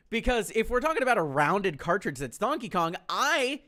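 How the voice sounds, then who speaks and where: A man's voice: sits high, very animated, a little fast, few pauses, pushed and bright. A man telling a story on a stream, profane, incredulous and exasperated.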